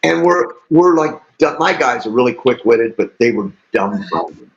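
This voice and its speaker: An older man, a musician guest, telling animated stories in an interview with frequent laughter. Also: mid-range voice, moderate pace, creaky. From St. Louis, USA. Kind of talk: storytelling interview. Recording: dull lo-fi audio.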